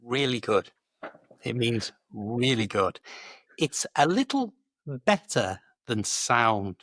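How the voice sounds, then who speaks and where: A man in a middle pitch talks about everyday British expressions in a chatty, lively way. He laughs easily and drops in lots of "do you know". The sound is dry and close. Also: slow pace, no room sound. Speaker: English coach and guest.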